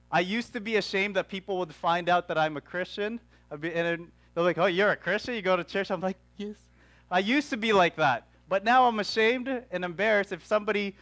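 Young male pastor, high voice, lively storyteller, dry close sound. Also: no room sound. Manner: animated storytelling with quick asides. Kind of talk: sermon. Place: church.

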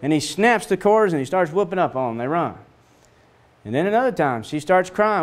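A middle-aged man teaching a Bible lesson in a lively storytelling way, acting out the voices of the people in the story. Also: fairly quick. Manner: storytelling, acts out voices with big pitch swings.

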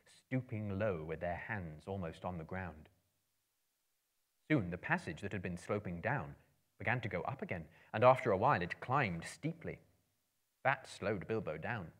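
A man performs a storybook reading to a live audience, his voice lower-pitched and sweeping widely up and down. He builds the tension theatrically, rising to loud bursts and dropping to near-hushes. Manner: theatrical, swelling and hushing for suspense.

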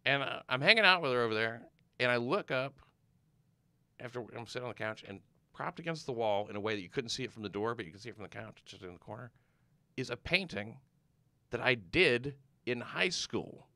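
A comedian guest from the United States rambles through stories in a casual conversation, leaning on fillers and restarts and trailing off. His medium-pitched voice is animated, fairly quick, bright and forceful, with no echo.

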